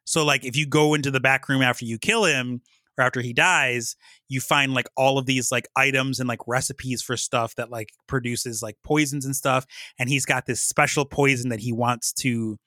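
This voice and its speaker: A man's voice: medium pitch, moderate pace, no room sound. A man hosting a podcast, animatedly retelling a video game's plot in casual chat with lots of fillers. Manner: animated storytelling, many fillers. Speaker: podcast host.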